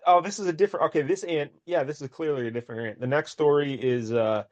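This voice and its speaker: Male podcast co-host, mid-pitched, jokey and chatty; dull, lo-fi recording. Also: fast, a little mellow. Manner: joking, chatty asides with frequent laughs. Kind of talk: casual comic book review chat. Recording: dull, lo-fi sound.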